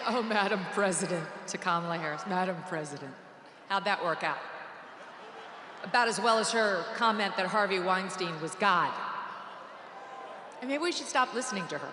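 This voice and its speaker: A woman giving a political rally speech, sarcastic and mocking, shouting her punchlines to a crowd. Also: fairly high pitch, slight background noise. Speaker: rally speaker. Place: large indoor arena. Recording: echoey arena with long reverb.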